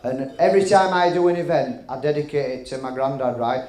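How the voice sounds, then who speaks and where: Cheeky comedian in an echoey hall. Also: male voice, medium pitch, brisk, darkish tone. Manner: chatty, cheeky, swearing, frequent "right?" asides. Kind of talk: after-dinner stand-up comedy. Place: hotel function room at a dinner. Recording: echoey function room.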